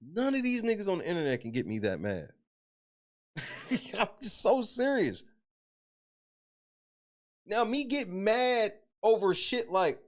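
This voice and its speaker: A man's voice: extremely high pitch, big pitch swings, a little slow, long pauses. A man hosting a podcast, ranting casually with lots of profanity and laughing between his points. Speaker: podcast host.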